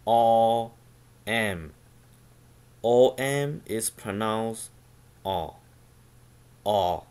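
Male language teacher, low smooth voice, very slow and deliberate drilling of sounds. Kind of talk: slow pronunciation lesson.

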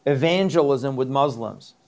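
At a measured pace and in a darkish, medium-pitched voice, a middle-aged Iranian pastor shares his conversion testimony as an interview guest. He leans on earnest, emphatic repetition.

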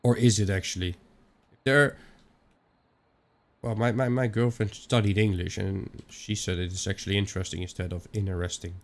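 A young Dutch-accented man talks his way through a game, rambling from one aside to the next. He swears casually. His voice sits a little low. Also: normal speed, pauses often. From Netherlands. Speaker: gaming channel host. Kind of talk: let's-play commentary.

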